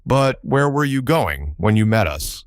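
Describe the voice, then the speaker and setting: A man's voice: medium pitch, sing-song, a little slow, dry recording, studio quality, pitched above the performer's own voice. Brief: a plain-spoken, curious boy in a storybook, read by a man. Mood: earnest.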